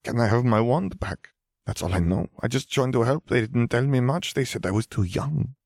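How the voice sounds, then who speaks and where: A man voicing a frightened, nervous teenage boy wizard, pitching his voice higher and pleading. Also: lively intonation, moderate pace, creaky, darkish tone, no room sound, clean studio sound.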